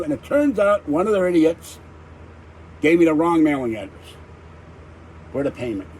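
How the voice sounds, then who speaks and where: A man's voice: sits high, animated, normal speed, darkish tone, a little hiss or hum, low-quality recording. An older man hosting a livestream, ranting irritably in a rambling casual chat. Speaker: livestream host.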